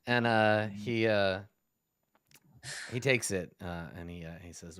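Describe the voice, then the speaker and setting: A man's voice: lowish voice, slow pace, long pauses, fairly bright tone, clean tone, no room sound, studio quality. A man narrating as game master, hesitant and full of fillers, laughing often.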